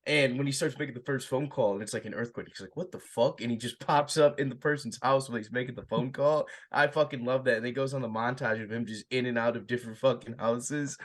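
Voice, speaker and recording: A man's voice: mid-range voice, fairly even intonation, fast, few pauses. A man chatting casually as a podcast co-host, animatedly retelling movie scenes, swearing freely and laughing along. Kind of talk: casual movie review chat.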